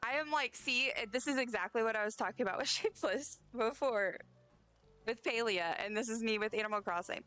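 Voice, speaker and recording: A woman streamer with a hoarse, partly lost voice, chatting casually and rambling to her chat while she plays. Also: fairly high pitch, fairly quick, bright, forceful tone, soft background music.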